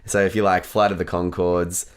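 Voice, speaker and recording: A young man hosting a casual film review podcast, relaxed and halting, often restarting his sentences. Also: low-pitched, smooth. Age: young adult. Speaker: podcast host.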